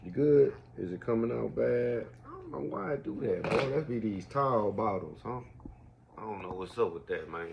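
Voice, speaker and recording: A man's voice: fairly low pitch, sing-song, moderate pace, vocal fry, noisy background. A man, rambling casually with lots of slang and a slight cough. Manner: laid-back, slangy, says man and bro a lot. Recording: dull lo-fi audio.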